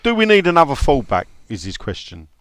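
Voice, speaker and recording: Rambling, laughing bloke. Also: male voice, fairly high pitch, wildly swooping pitch, fairly quick, a bit bright, dry recording. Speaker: podcast co-host reading listener questions. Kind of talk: casual football chat.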